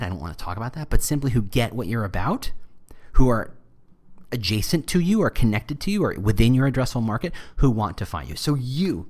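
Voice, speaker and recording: A man hosting a podcast, talking alone in a loose, joking, conversational way. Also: medium pitch. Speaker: podcast host. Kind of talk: solo podcast monologue.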